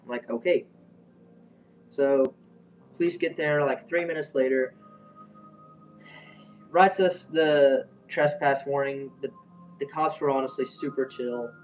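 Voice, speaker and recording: A young man tells a story in a loose, rambling way, full of fillers and restarts. His voice sits at a middling pitch. The sound is dull and a bit distant from the mic. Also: steady tone, measured pace, pauses often, soft background music. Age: young adult. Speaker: vlogger. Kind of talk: casual storytelling.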